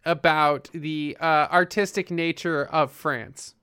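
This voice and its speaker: A man's voice: on the high side, fairly even intonation, slow, sharp tone, clear, resonant tone, dry recording, studio quality. A man hosting a comic chat with a mock-formal, announcer-like delivery. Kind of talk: mock-serious comedic presenting.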